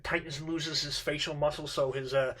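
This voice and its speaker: A man teaching literature in an informal lecture, halting with many fillers and restarts. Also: a little high, flat delivery, fairly bright tone.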